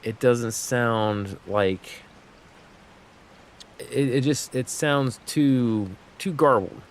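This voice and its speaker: This English-speaking man's mid-range voice is creaky and very slow as he chats casually during a gaming livestream, rambling with many fillers and restarts. A little hiss or hum can be heard.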